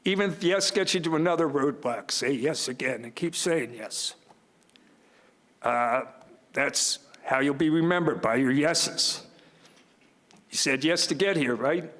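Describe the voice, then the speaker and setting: An older man, the student commencement speaker, tells folksy stories with self-deprecating humor from a podium in a large ceremony hall. His mid-range voice is a bit bright, and the recording carries the long reverb of a big hall.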